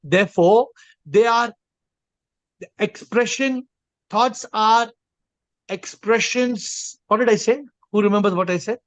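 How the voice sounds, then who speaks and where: A man's voice: high voice, slow, long pauses, no echo. A man leading an online group call as a spiritual teacher, explaining emphatically and repeating his phrasing. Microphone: video call.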